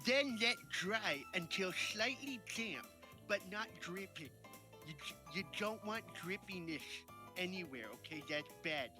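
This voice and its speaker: A man's voice: high voice, lively intonation, measured pace, over music, voice pushed up. A man putting on a fussy lecturing nerd. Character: nerdy young man reading beauty instructions. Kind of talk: tabletop game banter.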